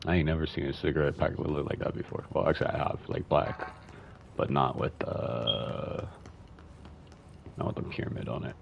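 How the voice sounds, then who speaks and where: A man's voice: a bass voice, moderate pace, vocal fry. A man streaming a video game, chatting casually, swearing and humming as he reads game text aloud. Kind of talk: casual gameplay commentary. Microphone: headphones and desk mic. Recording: slightly muffled stream audio with faint hiss.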